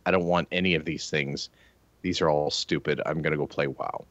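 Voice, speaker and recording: A man's voice: extremely low pitch, steady tone, brisk, a bit bright, dry recording, muffled recording. A man co-hosting a casual gaming podcast, chatty and rambling, stumbling over restarts and cracking jokes. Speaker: podcast co-host.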